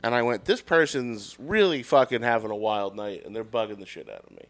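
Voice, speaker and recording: A man's voice: lowish voice, expressive, brisk. Profane storytelling man. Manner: profane, self-deprecating, acts out quotes. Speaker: podcast guest. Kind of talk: comedic storytelling.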